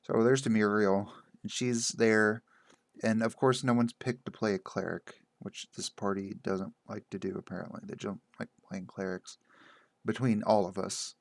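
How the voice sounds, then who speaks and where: A man's voice: on the low side, steady tone, moderate pace, gravelly, dry recording. A man casually recounting a game session he ran as game master, in a meandering way full of fillers. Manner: meandering, loose, lots of "like" and "uh". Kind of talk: casual rambling monologue.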